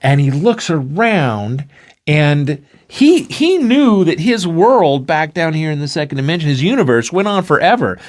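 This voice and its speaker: A man hosting a talk, explaining an idea through an animated story and acting out the characters in quick bursts. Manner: excitable, acts out characters with sudden pitch jumps. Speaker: podcast host.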